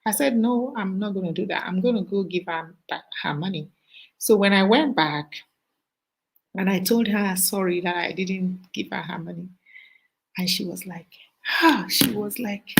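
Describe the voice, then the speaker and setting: A middle-aged woman hosting a casual live-stream chat, telling stories with animated asides and a preachy streak. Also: medium pitch, gravelly, slightly rough, poor audio.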